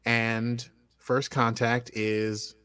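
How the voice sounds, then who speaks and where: A man's voice: medium pitch, little pitch movement, extremely slow, a bit bright, clean tone, no echo. An American man co-hosting a podcast, chatting casually and rambling through an episode recap with lots of fillers and restarts. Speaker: podcast co-host.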